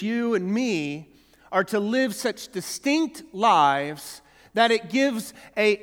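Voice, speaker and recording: A man's voice: sits high, a bit bright, big-room sound. A man preaching a sermon as pastor, earnest, often restarting and repeating words.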